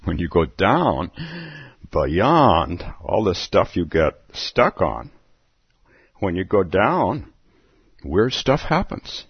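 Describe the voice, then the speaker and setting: A man's voice: sits low, sing-song, slow, long pauses, husky, dry recording, muffled recording. A man giving a reflective Zen dharma talk, musing aloud and chuckling between thoughts. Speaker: Zen teacher.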